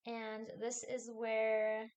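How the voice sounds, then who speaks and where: A woman's voice: fairly high pitch, completely flat delivery, very slow, darkish tone. A woman instructor giving a recorded lecture, talking through a diagram step by step in a plain, explanatory way.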